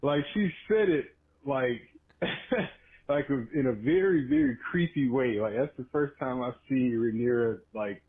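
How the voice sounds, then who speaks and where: A man calling in with a voicemail, talking in a relaxed, chatty and hesitant way. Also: medium pitch, unhurried. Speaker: caller. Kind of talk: voicemail to a live show. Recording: tinny phone-line voicemail.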